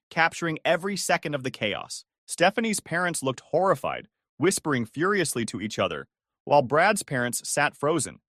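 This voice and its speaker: With gossipy delight, a man narrates his own dramatic tale, pitch rising and falling a lot across phrases. The sound is close and dry, and his tone fairly bright.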